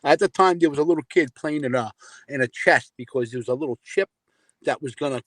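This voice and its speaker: A man's voice: fairly high pitch, brisk, fairly bright tone, no echo. Man telling a story on a dry line. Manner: storytelling, informal. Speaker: guest caller. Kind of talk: casual livestream chat.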